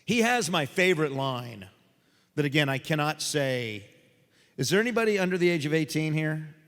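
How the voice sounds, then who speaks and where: Brief: male voice actor on a panel, fairly high and very lively delivery, reverberant hall. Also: moderate pace. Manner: animated, joking storyteller who acts out quoted voices. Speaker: voice actor convention panel guest. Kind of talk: convention panel storytelling and Q&A. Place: convention panel room on a stage.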